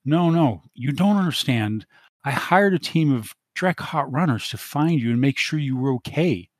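A man's voice: mid-range voice, animated, moderate pace, no room sound, studio quality, voice pushed up, lightly acted. A man voicing a whiny, self-pitying male corporate supervisor who pleads and whines. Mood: whining. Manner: whining, pleading.

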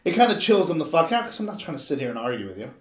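A blunt American man who swears freely as he vents in casual chat. His voice sits a little high for a man, and the echoey room gives it a roomy ring. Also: sing-song, rapid-fire. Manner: blunt, swears constantly, acts out shop exchanges.

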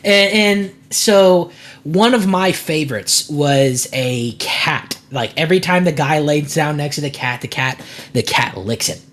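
A man's voice: lively intonation, a little slow, a bit bright. A man co-hosting a podcast, telling stories in casual chat and acting out the people in them. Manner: rambling storyteller, acts out quotes with big jumps in pitch. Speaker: podcast co-host.

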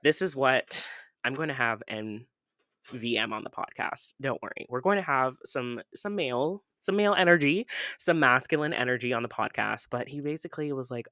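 A young woman hosting a casual podcast from home, chatting in a playful, rambling way with sudden loud jumps in pitch. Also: moderate pace, no room sound, studio quality. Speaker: podcast host. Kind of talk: casual solo podcast chat.

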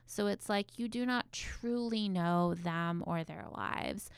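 Woman, therapist, podcast co-host, casual talk, smooth voice, gravelly edge. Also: medium pitch, takes it slowly, no echo, studio quality. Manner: conversational, hesitant fillers.

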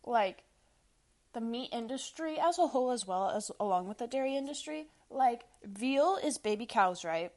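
A woman's voice: on the high side, animated, moderate pace, a little mellow. Blunt young woman ranting, full of "like". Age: young adult. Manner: blunt, profane, filler-heavy with constant "like". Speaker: podcast host. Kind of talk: casual opinion monologue. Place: Washington State.

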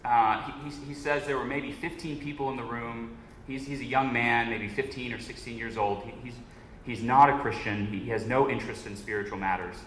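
A man's voice: medium pitch, fairly even intonation, brisk, fairly bright tone. A man giving a sermon as a guest preacher, telling a story in an earnest way. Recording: echoey room with faint noise.

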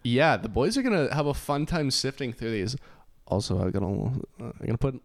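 A man's voice: mid-range voice, big pitch swings, fairly quick, gravelly. A young man as a podcast guest, chatting casually at home in a playful, goofy way and swearing freely. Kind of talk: casual chat. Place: home kitchen.

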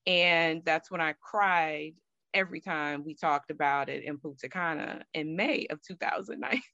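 A woman's voice: low voice, moderate pace, sharp tone, no echo, lo-fi sound. A woman guest telling a personal story candidly and animatedly, acting out her own thoughts.

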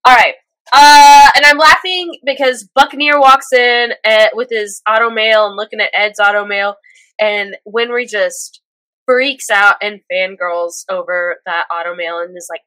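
A woman co-hosting a casual recap chat, animated and quick, a little stuffy from a cold, quoting characters' lines as she goes. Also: medium pitch, no room sound, rough recording. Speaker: podcast co-host recapping an anime episode.

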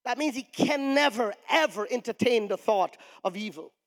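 A male pastor preaching a sermon emphatically, with shouted peaks and call-and-response with the congregation. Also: extremely high pitch, lively intonation, moderate pace. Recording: long reverb of a large hall.

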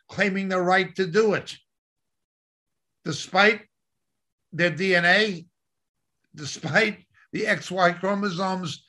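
A man's voice: high-pitched, pushed and bright. A man preaching a Bible study sermon, driving his points home with emphatic repetition. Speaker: Bible teacher. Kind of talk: sermon teaching.

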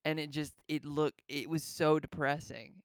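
Smooth-voiced man telling stories. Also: a little high, flat delivery, moderate pace, no echo, clean studio sound. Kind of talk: casual chat.

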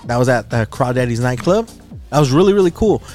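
A man's voice: medium pitch, a little fast, faint music behind. A man co-hosting a radio show, chatting casually and telling stories with energy. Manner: animated storyteller, acts out quotes. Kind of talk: casual chat.

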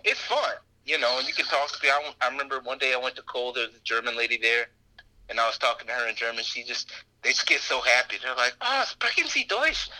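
A man's voice: mid-range voice, bright, forceful tone, low-quality recording. A man chatting casually as a podcast guest, rambling with lots of fillers and restarts. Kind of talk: casual conversation.

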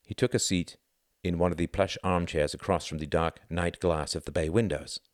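Deep-voiced man narrating a novel. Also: steady tone, no echo, studio quality. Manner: measured storytelling. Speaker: audiobook reader.

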